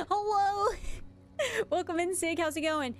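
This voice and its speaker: A woman's voice: extremely high pitch, animated, measured pace. A young woman streaming a video game, chatting with viewers in a giggly, casual way and reading notes aloud. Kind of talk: casual live-stream commentary.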